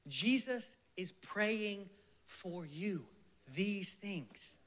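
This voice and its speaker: In a high-pitched voice with lively intonation, a man delivers an impassioned sermon that swings from emphatic bursts to hushed near-whispers. Sometimes he leads those listening in soft, slow prayer.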